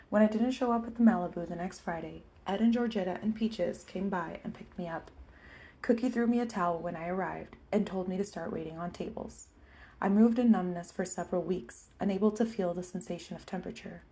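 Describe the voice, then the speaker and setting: Soft-spoken woman reading an audiobook. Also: on the low side. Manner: quiet and soft in narration, louder and sharper in dialogue. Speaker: audiobook reader. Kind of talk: amateur audiobook narration.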